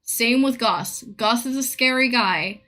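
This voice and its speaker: A woman's voice: a little high, takes it slowly, pushed and bright, soft background music. A woman streamer in a casual live-stream rant, blunt, profane and opinionated.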